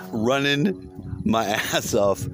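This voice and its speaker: A man telling a long dream in a rambling, casual monologue, swearing often and repeating himself. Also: lowish voice. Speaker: vlogger recounting a dream.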